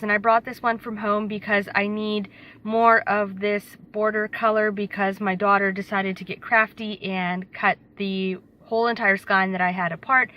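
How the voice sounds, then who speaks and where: Casting: bright-voiced woman, 30s, rambling casual vlogger talking into a handheld phone. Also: medium pitch. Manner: chatty, rambling with many "like"s. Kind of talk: casual vlog chat. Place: out and about, in stores and car.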